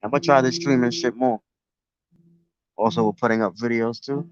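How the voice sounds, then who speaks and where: A man with a New York accent streams live on his phone near the beach, talking casually in profane street style. His voice is mid-range with fairly even intonation and a moderate pace, and the dry, dull phone recording has slight background noise.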